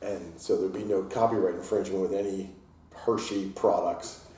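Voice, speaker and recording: A man with a low, mellow voice tells his stories with energy and acts out the people he quotes. He sits a little back from the mic in a very echoey taproom, and a faint hiss runs underneath. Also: moderate pace, far from the mic. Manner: animated storyteller, acts out quotes in a raised voice. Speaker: brewery owner and head brewer. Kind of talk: casual storytelling interview. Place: inside his brewery taproom.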